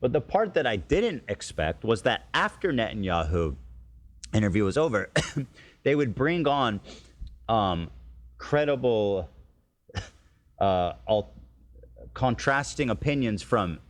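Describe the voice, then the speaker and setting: Male co-host, retells a story, laughs often, lively pitch. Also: takes it slowly, pauses often. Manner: laughing storyteller, acting out quotes. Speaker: podcast co-host. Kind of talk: casual podcast chat.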